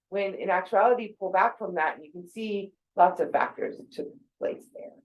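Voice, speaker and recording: A woman's voice: mid-range voice, moderate pace, hardly any pauses, highs cut off. A woman in her forties giving a casual, conversational talk about thinking habits, with fillers and quoted asides. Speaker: speaker on mental health.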